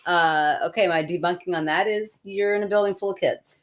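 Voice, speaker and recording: A woman co-hosts a relaxed podcast in a notably deep voice. She reacts fast, hums agreement, and speeds up when she gets excited about a point. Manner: lively, quick reactions, frequent hums of agreement. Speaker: podcast co-host. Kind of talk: casual chat.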